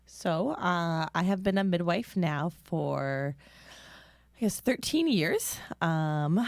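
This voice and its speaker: A middle-aged woman talks about her work as a midwife in a low, unhurried voice. She hesitates often and fills the gaps with ums and uhs. The recording is close and dry. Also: clean tone, dry recording. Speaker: guest midwife. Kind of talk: casual podcast conversation.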